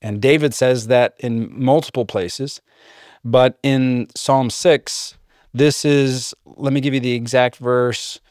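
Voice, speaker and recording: Guy preaching, reads verses, does silly high voices for his listeners, dead dry sound. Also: steady tone, slow, a little mellow, no echo. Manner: reads scripture aloud, mimics listeners in jokey high voices. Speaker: pastor. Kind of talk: sermon.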